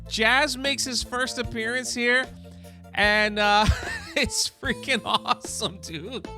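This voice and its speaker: A man hosting a comic book channel, recapping an issue in a chatty, excited way and often restarting his words. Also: very high voice, slow pace, faint music behind.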